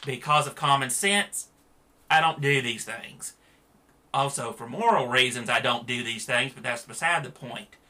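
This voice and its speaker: Blunt, sharp-toned man ranting. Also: medium pitch, moderate pace. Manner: blunt, sarcastic, frank. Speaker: vlogger. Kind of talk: opinion rant to camera.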